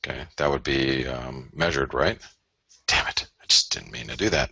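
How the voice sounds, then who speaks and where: A man's voice: a bass voice, normal speed, gravelly, pushed and bright, breathy edge, dry recording. A man hosting a live trading webinar, talking loosely and directly to viewers, with plenty of fillers. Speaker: forex webinar host. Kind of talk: casual live market analysis.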